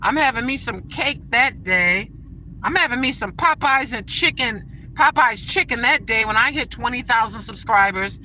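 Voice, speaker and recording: A woman's voice: a little high, animated, moderate pace, low-quality recording. An older woman chatting in a folksy way to her viewers while driving. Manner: chatty, folksy, religious, pleading for subscribers. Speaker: channel host. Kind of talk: casual vlog talk while driving. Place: inside a car on the road. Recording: loud road noise from a moving car.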